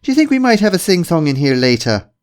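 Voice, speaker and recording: A man's voice: medium pitch, normal speed, vocal fry, no room sound, studio quality, voice pushed up, natural voice. A man voicing a Swedish librarian who fakes a hearty, overdone Irish manner. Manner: loud, jolly, overdone stage-Irish phrasing.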